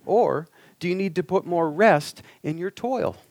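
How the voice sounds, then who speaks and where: A man's voice: sits high, unhurried, darkish tone, no room sound. A male preacher giving an earnest sermon, pressing the listeners with rhetorical questions.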